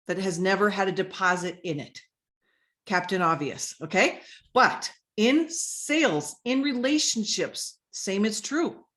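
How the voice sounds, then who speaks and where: An energetic woman coach speaks to her listeners in a conversational way. Her pitch sits in a middle range for a woman. She teaches sales etiquette and now and then acts out the messages she would send. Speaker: business coach. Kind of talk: coaching talk on social media sales.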